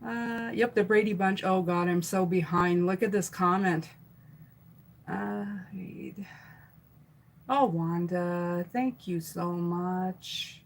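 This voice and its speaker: A woman's voice: lowish voice, slow pace, hardly any pauses, a little hiss or hum, rough recording. A middle-aged woman doing a live stream tarot reading, chatting loosely and reading out viewer comments with fillers and restarts. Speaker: tarot reader.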